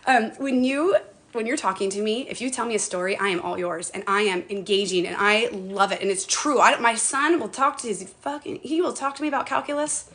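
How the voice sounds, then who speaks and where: A woman's voice: mid-range voice, brisk, a bit bright. A middle-aged woman chatting casually on a home live stream, bubbly and talkative, greeting viewers by name.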